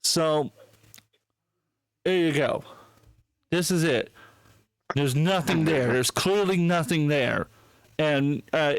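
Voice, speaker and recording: Excitable, profane man on a podcast. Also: on the high side, clean tone, no echo. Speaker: podcast host. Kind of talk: casual podcast chat.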